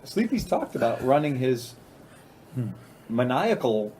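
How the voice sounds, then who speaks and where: A man's voice: medium pitch, very animated, takes it slowly, a little mellow, slight background noise. Joking, rambling male podcast co-host. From Ohio, USA. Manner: joking, rambling, laughs often. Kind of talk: casual banter.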